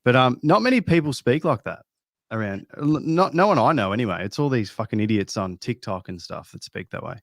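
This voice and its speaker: A man's voice: mid-range voice, expressive, a little fast, no room sound, studio quality. A man with an Australian accent, a podcast guest chatting bluntly and casually, swearing freely and calling people bro.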